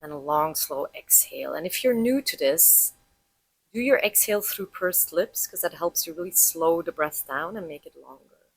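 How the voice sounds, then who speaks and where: A woman teaching about heart rate and breath, calmly explaining and guiding listeners through a breathing practice step by step. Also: on the low side, moderate pace, breathy edge, dry recording, poor audio. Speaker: breathwork instructor.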